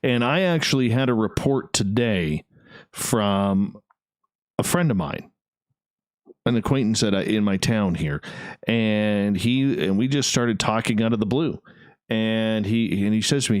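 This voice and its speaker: A man's voice: fairly low pitch, expressive, unhurried, clean tone, no room sound, studio quality. A man hosting a late-night radio interview, chatty and rambling with a self-mocking streak. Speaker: radio show host.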